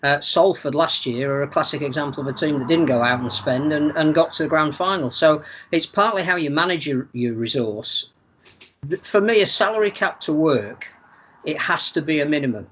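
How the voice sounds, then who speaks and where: Measured, analytical male rugby pundit. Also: on the high side, a bit bright, a little hiss or hum. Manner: measured, analytical, repeats words as he thinks. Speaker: podcast pundit. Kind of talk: casual sports podcast chat.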